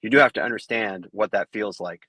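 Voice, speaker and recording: A man, a fight judge guest, answering interview questions in a halting way full of fillers and restarts. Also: fairly low pitch, sharp tone, no echo. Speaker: MMA judge, podcast guest.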